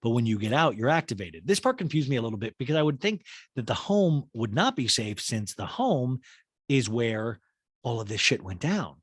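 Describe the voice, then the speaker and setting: A casual, wry man hosting a podcast, recapping for his audience with plenty of rise and fall in his voice. His pitch sits mid-range for a man, and the sound is close and completely dry. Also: big pitch swings, moderate pace, breathy edge, no echo. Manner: chatty and wry, addresses listeners directly. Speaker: podcast host.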